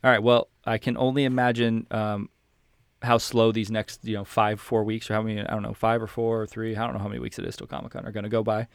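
A man's voice: on the low side, little pitch movement, fast, vocal fry, clear, resonant tone, no echo. A man in his thirties hosting a podcast in casual chat, laughing often, joking and swearing freely. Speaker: podcast host.

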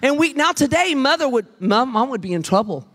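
A woman's voice: sits high, brisk. A middle-aged woman, a pastor's wife preaching to a congregation in a chatty, folksy, humorous storytelling style. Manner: animated, chatty, folksy, addresses the room with questions. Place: church sanctuary with a live congregation.

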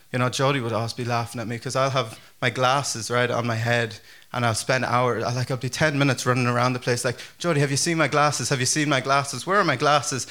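Speaking at a medium pitch, a male pastor keeps his sermon casual and conversational. He comes across as chatty and animated, often using fillers and restarting his sentences.

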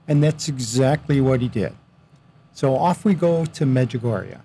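Mellow-voiced man recalling a story. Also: medium pitch, moderate pace, slight background noise. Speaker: guest, the husband. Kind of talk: personal testimony on radio.

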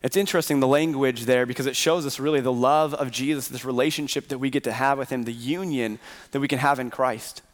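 A man's voice: medium pitch, fairly even intonation, a little fast. A man preaching a Sunday sermon as pastor, earnestly posing rhetorical questions to his congregation. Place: church sanctuary. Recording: reverberant hall.

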